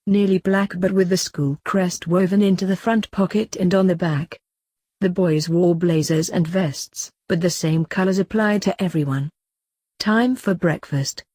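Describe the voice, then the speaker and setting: Low husky woman reading a story. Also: dark tone, dry recording. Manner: reads dialogue aloud with little change of voice. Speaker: fanfiction reader. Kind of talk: scripted narration.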